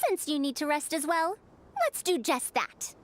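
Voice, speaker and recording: An actress playing a proud, sharp-minded female scholar of old machines in a video game, measured, confident and a bit formal. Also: high voice, background noise, lightly acted. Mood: curious.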